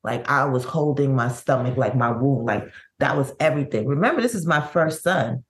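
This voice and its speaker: A middle-aged woman, a bereaved mother, telling her story in an interview, with halting, vivid recounting and many restarts. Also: extremely low pitch, animated. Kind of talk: emotional personal storytelling.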